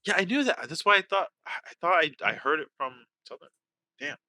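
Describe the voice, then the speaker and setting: A man's voice: fairly high pitch, animated, a little fast, pushed and bright. A man co-hosting a casual podcast, bursting into playfully exaggerated rants. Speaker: podcast co-host.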